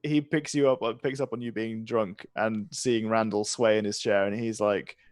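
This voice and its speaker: A game master narrating a tabletop game in a relaxed way, often laughing. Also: mid-range voice, normal speed, no echo.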